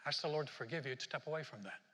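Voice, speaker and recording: A man's voice: mid-range voice, rapid-fire, bright, forceful tone. A man preaching a sermon in a church hall, talking fervently and directly to his congregation. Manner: fervent, talks straight to the congregation. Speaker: pastor.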